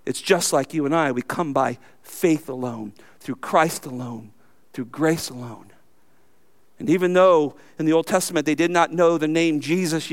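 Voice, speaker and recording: A man with a high, light voice delivers a sermon from the pulpit. He preaches emphatically and keeps throwing rhetorical questions at his listeners. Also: fairly bright tone. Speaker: pastor.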